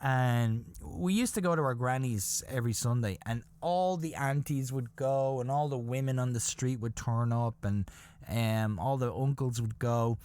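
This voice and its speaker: An Irish man in his fifties hosting a podcast, telling a story in a rambling, animated way that keeps checking in with the listener. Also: medium pitch, measured pace, smooth. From Ireland. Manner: rambling, animated, peppered with "okay?" and "you know?". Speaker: podcast host. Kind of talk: casual anecdotal storytelling.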